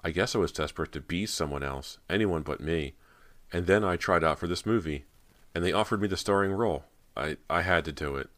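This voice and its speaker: A man's voice: sits low, a little fast, a bit bright. A man voicing a nervous, haunted teenage girl actress, speaking with emotion and a tremble. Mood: anxious.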